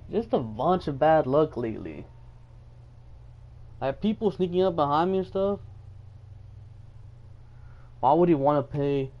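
A man's voice: a little high, muffled recording. A young man from Texas live-streaming a game, chatting casually and joking while reading viewer messages aloud. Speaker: gaming streamer.

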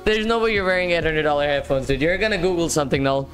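A man's voice: fairly high pitch, fast talker, fairly bright tone, faint music behind. A man hosting a live gaming stream, chatting casually in slang and greeting viewers by name. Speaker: livestream host. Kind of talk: casual gaming livestream chat.

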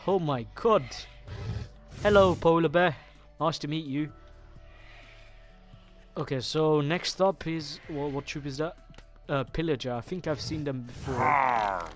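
Excitable, swearing young gamer man. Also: a little high, a little slow, pauses often. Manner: excitable, swears often, reacts aloud to what he sees. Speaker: gaming YouTuber. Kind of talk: casual gameplay commentary. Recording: game music clearly behind the voice.

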